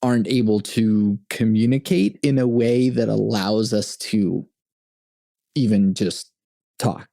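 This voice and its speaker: A man hosting a podcast, talking through his thoughts in a casual, halting way and laughing often. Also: on the low side, gravelly, warm tone, dry recording, clean studio sound. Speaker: podcast host. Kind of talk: casual conversation.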